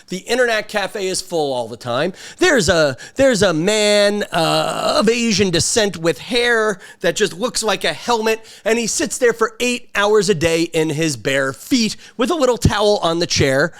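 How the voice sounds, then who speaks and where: Rambling, sarcastic middle-aged man host. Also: high-pitched. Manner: rambling, sarcastic and self-mocking. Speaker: podcast host. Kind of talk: casual monologue.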